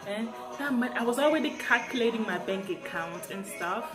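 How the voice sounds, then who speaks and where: A young woman with an African accent telling a story to camera in a casual, animated way, laughing often and repeating words. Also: on the high side, brisk, music in the background. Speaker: vlogger.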